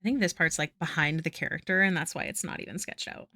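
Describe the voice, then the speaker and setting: A woman's voice: deep voice, fast talker, pushed and bright, dry recording, studio quality. A young woman, chatting casually with her livestream viewers and muttering asides while she draws. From Canada. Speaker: art streamer.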